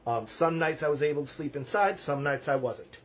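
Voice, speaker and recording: A man's voice: a little high, a little fast. A man speaking candidly and with emotion about a hard time in his life, in a loose conversational way with many fillers, close to tears. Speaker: storyteller. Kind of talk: personal story told to camera.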